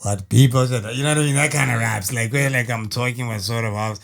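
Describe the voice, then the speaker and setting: A man's voice: medium pitch, fast talker. A South African man and rapper, chatting in a loose, rambling way full of fillers on a radio interview, and rapping in rhyme. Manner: laid-back, rambling with many fillers. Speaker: rapper guest. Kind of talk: casual interview chat and rapping. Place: radio studio.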